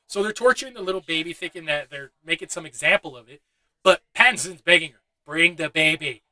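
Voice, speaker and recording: A man's voice: high voice, bright, forceful tone, no echo, rough recording. A young man giving a loose, chatty movie review, swearing freely and laughing at his own asides. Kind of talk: casual spoken film review.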